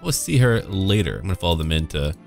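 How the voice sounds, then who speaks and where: A man's voice: low-pitched, sing-song, fast, gravelly, faint music behind. A man streaming a video game, chatting casually with viewers and joking irreverently as he plays. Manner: joking, irreverent, talks to chat. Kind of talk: casual gameplay commentary.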